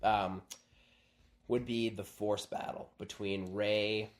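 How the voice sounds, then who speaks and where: A young man co-hosting a casual podcast, chatting about films and acting out lines in quick put-on voices. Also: lowish voice, flat delivery. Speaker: podcast co-host. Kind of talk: casual chat.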